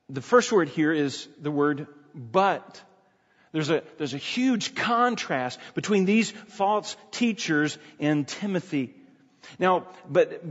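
Husky-voiced preacher in a reverberant hall. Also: male voice, on the high side. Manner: emphatic, repeats key phrases, frequent restarts. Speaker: pastor. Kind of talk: expository sermon. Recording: dull sound with long hall reverb.

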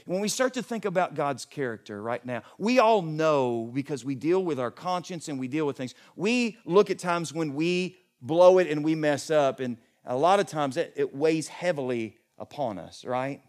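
A middle-aged male pastor delivering a sermon in a fairly high voice. He is impassioned, rising to loud, emphatic peaks and dropping to soft, hushed lines. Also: expressive, normal speed, few pauses.

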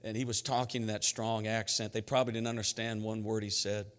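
A middle-aged man preaching a sermon in a church sanctuary, energetic and emphatic, telling stories between his points. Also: lowish voice, a little fast. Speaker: pastor. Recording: reverberant church hall with faint music.

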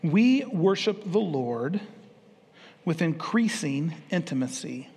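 A man's voice: a little high, very animated, slow pace, a little mellow, husky. A male pastor preaching a sermon in a church, playfully drawing the congregation in with questions and jokes. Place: church sanctuary. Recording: reverberant church hall.

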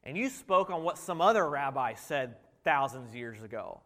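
A man preaching a sermon, animated and full of rhetorical questions, dropping to a hush and rising again. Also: medium pitch, normal speed. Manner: animated, rhetorical questions, swings between loud and hushed. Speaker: pastor. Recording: reverberant hall.

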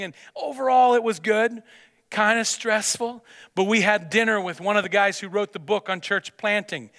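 Brief: male pastor, sermon, bright forceful tone, stammers and restarts, long church reverb. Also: high-pitched, fairly even intonation, normal speed. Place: church sanctuary.

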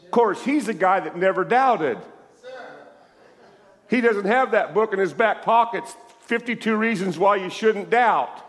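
A man preaching a sermon in a lively way, calling out to his congregation as he reads and explains scripture. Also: high-pitched, unhurried. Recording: echoey hall with long reverb.

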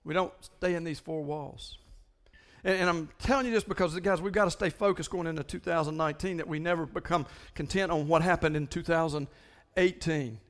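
Male pastor, high voice, animated and stumbling sermon delivery. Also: fairly quick. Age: older than most listeners. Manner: animated, repeating words in bursts.

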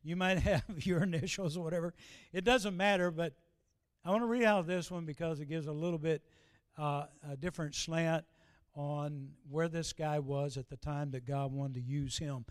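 A man's voice: fairly high pitch, fairly even intonation, moderate pace, clear, resonant tone. A middle-aged man, preaching a sermon with folksy, self-deprecating stories. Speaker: pastor.

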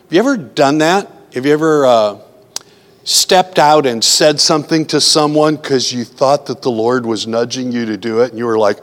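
A man with a mid-range voice preaches at normal speed in a hall whose long reverb trails his words. Earnest and conversational, he tells personal stories and acts out his worried inner voice in quotes.

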